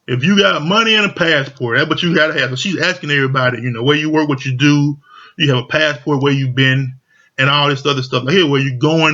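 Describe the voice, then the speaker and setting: A man's voice: on the high side, sharp tone. A man casually recapping a reality show, talking loosely with lots of slang and fillers. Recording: dull lo-fi audio.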